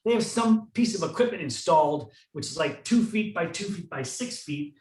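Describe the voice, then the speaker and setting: A man's voice: a little high, lively intonation, normal speed, a little mellow. A man co-hosting a podcast, telling stories in a dry, matter-of-fact conversational way. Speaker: podcast co-host. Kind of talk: casual conversational chat. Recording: roomy sound, distant from the mic.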